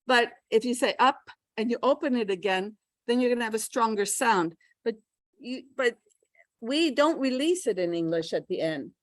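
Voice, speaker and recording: A woman's voice: on the high side, animated, normal speed, dry recording. An older woman giving a live pronunciation workshop for teachers, chatty and demonstrating sounds aloud. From United States. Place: classroom.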